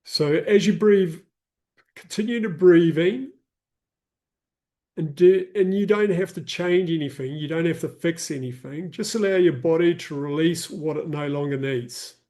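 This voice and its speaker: Male wellness coach, slightly high voice, slow and soothing, counting breaths for a live group. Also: dark tone. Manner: casual explaining with fillers, reads chat comments. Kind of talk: guided breathwork and live chat.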